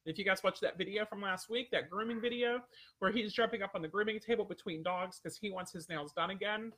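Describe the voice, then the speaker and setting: Speaking fast in a high, pushed, bright voice, a male dog trainer chats loosely with viewers during his livestream. He rambles on, piles up fillers, and cuts himself off repeatedly.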